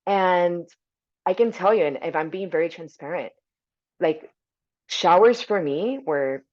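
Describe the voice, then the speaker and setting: A woman's voice: fairly low pitch, a little slow, darkish tone. A woman speaking as a podcast guest, candidly and reflectively, often tagging her thoughts with "you know" and "right?". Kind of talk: candid conversational storytelling. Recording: dull lo-fi sound.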